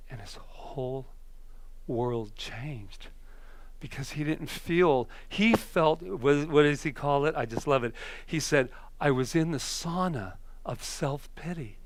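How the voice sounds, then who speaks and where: Guy preaching a sermon, chatty and animated, lots of restarts, middle pitch, dry close sound. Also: dry recording. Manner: conversational, animated storytelling with hesitations. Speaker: minister. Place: church.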